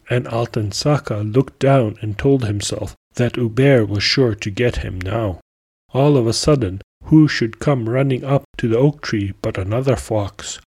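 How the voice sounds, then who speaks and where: Slow, husky-voiced male storyteller. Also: medium pitch, darkish tone. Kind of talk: scripted narration.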